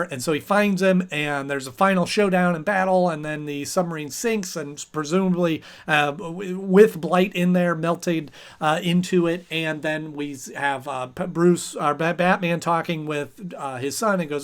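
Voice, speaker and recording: A man's voice: fairly high pitch, normal speed, hardly any pauses. Chatty man reviewing a cartoon. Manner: chatty, rambling with fillers, briefly acting out characters. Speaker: host and episode reviewer. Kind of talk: casual chat review.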